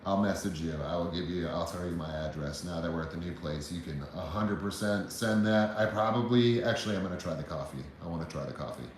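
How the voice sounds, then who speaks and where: A man's voice: deep voice, fast talker, hardly any pauses. A man from the United States hosting a livestream, chatting casually, rambling and swearing as he reads viewer comments. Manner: rambling, profane, laid-back. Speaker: livestream host. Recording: very echoey room with faint background noise.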